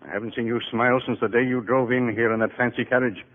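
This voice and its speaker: A man's voice: medium pitch, steady tone, quick pace, lightly acted. An actor playing a stern, plainspoken middle-aged farm father in a 1940s radio play. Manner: blunt, plainspoken. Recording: tinny old radio broadcast.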